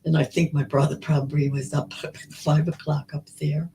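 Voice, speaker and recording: Elderly woman recounting her past slowly. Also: deep voice, flat delivery, dark tone, a little hiss or hum, rough recording. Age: 90s. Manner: slow, halting storytelling with many restarts. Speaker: Holocaust survivor guest. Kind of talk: recounting memories in an interview.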